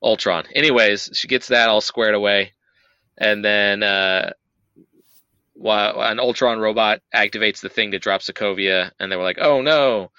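A young man with a bright, smooth voice and slightly low pitch rambles through a movie recap, swearing freely and slipping into quick character voices. The sound is dry and a little dull, like a lo-fi home recording. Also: steady tone, dry recording. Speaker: podcast host. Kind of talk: casual movie recap chat.

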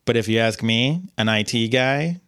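A man's voice: medium pitch, normal speed, fairly bright tone, clear, resonant tone. A man co-hosting a podcast in casual chat, rambling through stories with lots of fillers and restarts. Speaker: podcast co-host.

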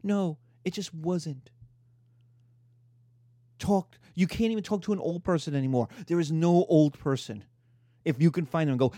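A middle-aged man giving a lively, emphatic history lecture. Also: a little high, moderate pace, pauses often, no echo, clean studio sound. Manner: animated, emphatic, mimics voices in quotes.

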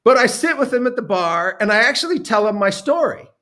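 A man telling a self-deprecating story in casual chat, animated and a bit profane. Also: very high voice, brisk. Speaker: guest storyteller.

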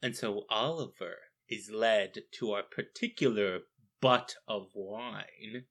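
Podcast co-host, casual chat, wry humor, slow delivery, bright voice. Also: medium pitch. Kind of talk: casual film recap chat.

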